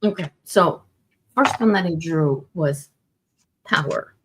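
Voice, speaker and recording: A woman doing a casual card reading, talking in a halting way as she searches for words. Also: sits low, background noise. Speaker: card reader.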